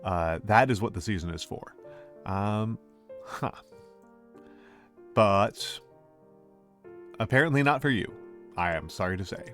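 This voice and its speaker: A man with a lower voice hosts a casual live stream, talking to viewers as they drop in. He meanders, restarts, and echoes his own lines with a gentle playfulness. Faint music plays quietly in the background. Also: unhurried, pauses often. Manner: rambling, repeats phrases, gently playful. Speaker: VTuber streamer.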